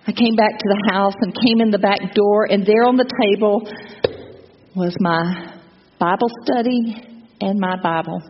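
A woman's voice: mid-range voice, measured pace, creaky, pauses often. A middle-aged woman telling her personal testimony to a church gathering in an earnest, reflective way. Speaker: church speaker giving testimony. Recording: long reverb, dull lo-fi sound, faint noise.

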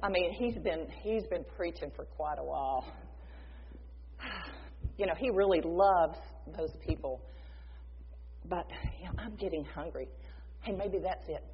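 A woman preaching a sermon, retelling a scripture story in a lively, conversational way and acting out the dialogue. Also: lowish voice, husky. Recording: dull echoey hall sound.

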